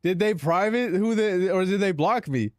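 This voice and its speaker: A man's voice: sits high, lively intonation, normal speed, no room sound, studio quality. A man live streaming in casual chat, talking in slang, calling his viewers "bro" and laughing between lines.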